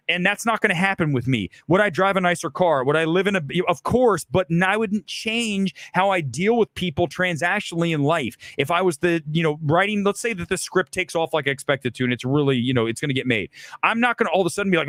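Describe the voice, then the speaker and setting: A middle-aged man hosting a live film talk show, blunt and profane, acting out the lines he quotes. His voice sits high for a man and swings widely in pitch. The sound is dry and close. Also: a bit bright, no room sound. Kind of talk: live solo commentary, ranting.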